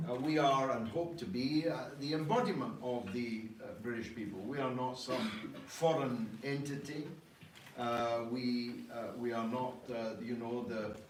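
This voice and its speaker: A man leading a political party, answering an audience's questions in emphatic, rhetorical talk broken by frequent "uh" pauses. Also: mid-range voice. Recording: echoey room, distant mic, faint noise.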